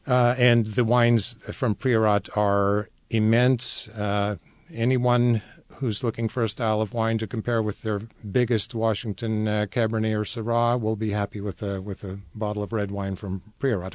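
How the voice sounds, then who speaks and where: Low-voiced man explaining wines on radio. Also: darkish tone, no room sound. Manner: knowledgeable, measured, many fillers. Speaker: wine importer guest. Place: radio studio.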